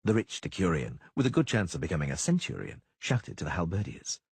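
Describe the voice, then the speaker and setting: Male narrator, husky, lively pitch, dry close recording. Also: a little fast, no room sound. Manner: voices characters with lively shifts. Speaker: audiobook narrator. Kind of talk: scripted audiobook narration.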